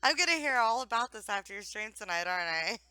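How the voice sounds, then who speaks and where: A woman from Ohio with a mild Southern accent, chatting casually as a streamer guest, animated and laughing, with frequent swearing. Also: mid-range voice, fast talker, crowd noise, low-quality recording. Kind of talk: casual chat.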